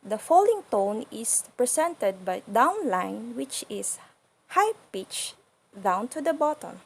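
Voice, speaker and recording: A woman with as her explains sounds one by one in an unhurried instructional style. Her voice sits a little high and carries a soft, breathy quality. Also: big pitch swings. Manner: patient, demonstrates sounds slowly and repeats them. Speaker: language teacher. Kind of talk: slow instructional lesson.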